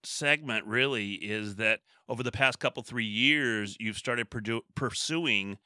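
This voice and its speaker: Bright-voiced male interviewer, dry sound. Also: medium pitch, unhurried, no echo. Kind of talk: interview questions.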